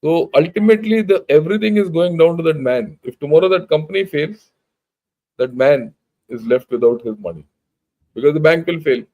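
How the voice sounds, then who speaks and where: Pitched on the high side with a darkish tone, this older man talks fairly quickly and animatedly on a low-quality recording. A retired army general with an Indian English accent, he delivers a blunt, emphatic informal lecture loaded with rhetorical questions.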